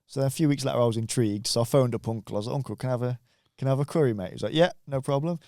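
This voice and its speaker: A man's voice: mid-range voice, rapid-fire, dark tone, no room sound, clean studio sound. A young man, a podcast guest telling anecdotes casually and swearing freely. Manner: laughing, swearing, storytelling with quoted voices.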